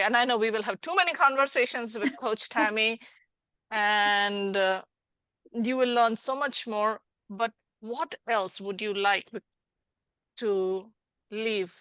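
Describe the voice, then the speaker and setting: Hosting a podcast as a life coach, a middle-aged woman talks with a smooth, medium-pitched voice and a sharp tone on a dry recording. Her casual interview chat is animated, and she acts out small scenes in dialogue.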